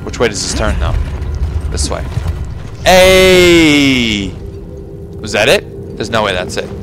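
A gamer gives profane let's play commentary over his own gameplay, swearing, sarcastic, and muttering to himself through puzzles with game music behind him. His voice is on the low side and a bit bright, with fairly even intonation and a slightly fast pace.

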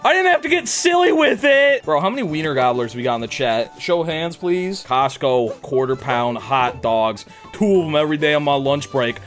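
A young man giving loud, jokey gameplay commentary, yelping and shouting at his mistakes and talking to his chat. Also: fairly high pitch, moderate pace, few pauses, faint music behind. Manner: loud, excitable, frequent yelps and shouts; jokey, crude, talks to chat. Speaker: gaming YouTuber.

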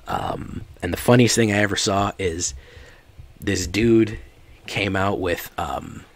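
This man's voice sits on the low side, gravelly and husky with a fairly bright tone. He's streaming a card game, chatting casually and rambling with plenty of fillers and laughter. There's faint background noise on the recording.

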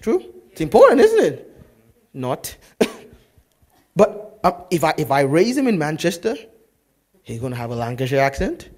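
A man preaching a sermon as pastor, telling stories in a lively way that swings from loud to hushed. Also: fairly high pitch, moderate pace, pauses often.

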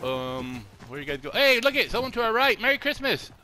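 A man's voice: high voice, very animated, a little fast, background noise. An older man and grandfather, chatting casually while gaming and jokingly wishing opponents a merry Christmas. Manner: jokey, greets enemies with holiday wishes. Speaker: gamer streamer. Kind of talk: casual game chat.

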